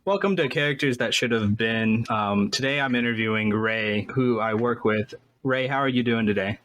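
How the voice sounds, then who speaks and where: A man's voice: mid-range voice, moderate pace, fairly bright tone. Male podcast host, casual and jokey, laughs easily.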